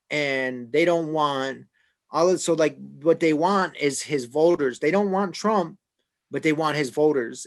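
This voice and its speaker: A man on a podcast panel, talking through politics casually and hesitantly, with many fillers and restarts. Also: fairly high pitch.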